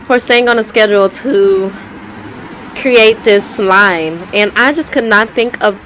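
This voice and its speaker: A woman's voice: mid-range voice, slow pace, a bit bright, a little hiss or hum, poor audio. A woman telling her life story in a candid, conversational way, often repeating herself. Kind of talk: personal storytelling vlog.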